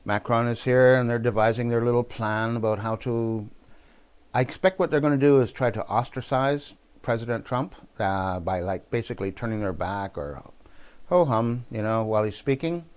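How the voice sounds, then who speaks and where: A man with a mid-pitched voice gives a casual political monologue. He wanders from one point to the next and offers his opinions freely. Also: moderate pace, darkish tone, smooth. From New Brunswick, Canada. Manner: rambling, digressive and opinionated. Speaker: vlogger.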